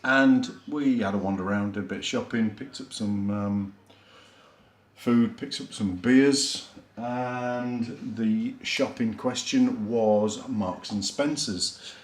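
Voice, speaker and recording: A man's voice: fairly low pitch, slow pace. A man with a Yorkshire accent giving a chatty, rambling, self-deprecating beer review on his vlog, with plenty of fillers. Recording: echoey room.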